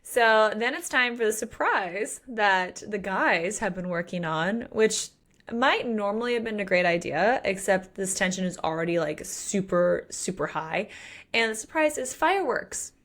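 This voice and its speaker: A woman in her thirties co-hosting a casual book podcast, animated and acting out characters' lines. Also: mid-range voice, unhurried. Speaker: podcast co-host.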